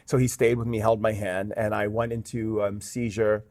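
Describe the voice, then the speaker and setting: Low-voiced man telling an earnest story. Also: level tone, moderate pace, a little mellow, dry recording. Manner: earnest, with frequent "um" and "like". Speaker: guest shaman. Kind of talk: interview storytelling.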